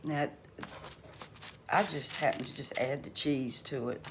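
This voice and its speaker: Slow-talking woman cooking at home. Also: a bass voice. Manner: chatty and folksy, talks to viewers as y'all. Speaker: home cooking channel host. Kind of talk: casual cooking vlog chat. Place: home kitchen. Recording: noisy home recording.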